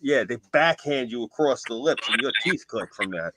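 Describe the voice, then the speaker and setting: A man's voice: medium pitch, expressive, moderate pace, pushed and bright, no echo. Rambling man telling stories on a stream. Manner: rambling anecdotal storyteller. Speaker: stream co-host. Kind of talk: casual stream chat, storytelling. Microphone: desk mic on a stream.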